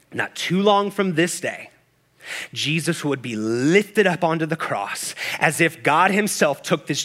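A middle-aged man preaches with fervor, his voice high for a man and bright and ringing. He steps into quoted voices as he builds his case, pressing each point home to the congregation. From Kansas City, United States. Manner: impassioned preaching, voicing Jesus and inner voices in quotes. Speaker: pastor. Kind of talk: sermon.

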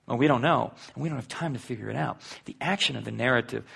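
Fast and medium-pitched, with a creaky, slightly rough voice, a pastor delivers a conversational sermon. He asks the congregation rhetorical questions while alternating between booming and quiet moments.

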